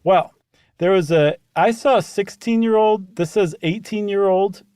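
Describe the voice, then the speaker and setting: A man co-hosting a podcast, telling a story in a casual, animated way with frequent fillers and restarts. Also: high voice, measured pace, smooth, no echo, clean studio sound. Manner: animated, hesitant with fillers, retells events from notes. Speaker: podcast co-host.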